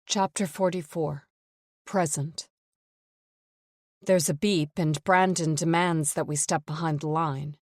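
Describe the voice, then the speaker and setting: A woman narrating a first-person thriller audiobook in a tense, measured way, close to the mic. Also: low-pitched, fairly even intonation, dry recording.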